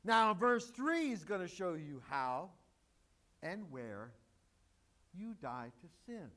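A man's voice: sits high, big pitch swings, takes it slowly, pushed and bright. A male pastor preaching a sermon, emphatic and joking with the congregation.

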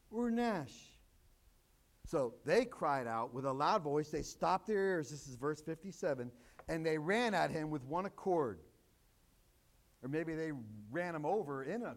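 A man with a high-pitched voice preaching a sermon. He acts out the scripture he quotes and drives his points home by repeating them. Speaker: pastor.

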